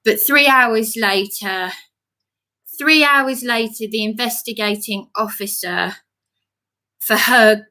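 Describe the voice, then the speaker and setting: A woman's voice: fairly high pitch, bright, forceful tone. Indignant woman, feeling ill. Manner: rushed, indignant, restarts and repeats. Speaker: vlogger. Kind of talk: agitated personal account to camera.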